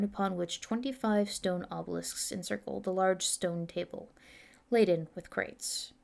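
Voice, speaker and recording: A woman's voice: on the low side, gravelly. A woman streaming a reading of her own novel, chatting casually with viewers and talking herself through the pages. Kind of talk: livestream chat and book reading.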